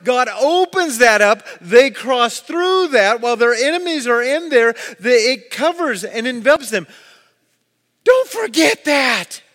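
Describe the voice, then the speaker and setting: A high-pitched, bright male pastor preaches in a large hall with a long reverb tail. He tells stories with lots of energy and acts out the voices in them. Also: unhurried, hardly any pauses. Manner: storytelling, animated, acts out voices. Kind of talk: sermon.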